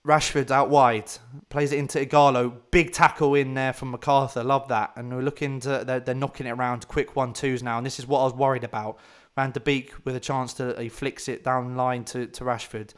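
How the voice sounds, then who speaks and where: A man giving live fan commentary on a football match, excitable and swinging between shouting at chances and anxious muttering. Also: mid-range voice, fairly quick, smooth.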